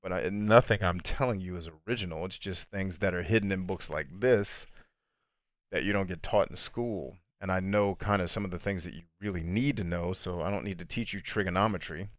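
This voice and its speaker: A man life coach chatting casually on a livestream, reading viewer comments and answering them. He talks in animated fast bursts that slow into a deliberate cadence. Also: deep voice, no echo, clean studio sound. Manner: conversational, addresses viewers as friends and dude.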